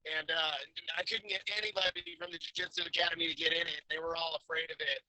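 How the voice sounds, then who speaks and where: A laid-back man talks on a live show from his car. His voice is very bright and a little high, with a dry close sound. A glitchy connection gives it a robotic edge. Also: flat delivery, quick pace, no echo, low-quality recording. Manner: laid-back, joking, repeats words at starts. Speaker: guest. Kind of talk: casual chat. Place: in a vehicle on a weak connection.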